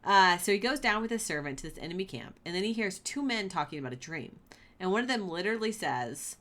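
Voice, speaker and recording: A woman hosting a casual Bible podcast, reading passages aloud and then retelling them with playful, animated asides. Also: fairly low pitch, quick pace.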